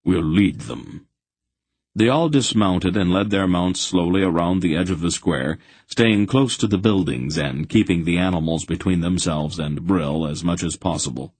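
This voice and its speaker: A man's voice: sits low, normal speed, hardly any pauses, darkish tone, husky, dry recording. A man narrating a fantasy audiobook, putting on voices for the many characters.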